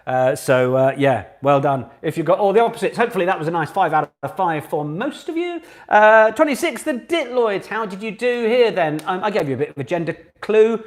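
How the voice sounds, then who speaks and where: An animated man with a fairly high voice runs a live online pub quiz for a charity fundraiser. He chats warmly with his players and bursts into sung lines when reading the answers out. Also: brisk, few pauses. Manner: chatty, animated, sings out quote answers.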